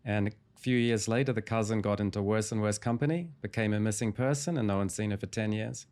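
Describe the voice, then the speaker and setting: A hypnotherapist with a fairly low voice, appearing as an interview guest, calmly retells a client's story, moving through each step of the session in a measured way.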